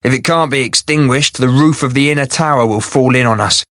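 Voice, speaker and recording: A man's voice: medium pitch, brisk, fairly bright tone, dry recording, studio quality, pitched above the performer's own voice, natural voice. A man doing a stern, clipped captive mage. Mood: grim. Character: powerful captive male mancer, stern and sharp.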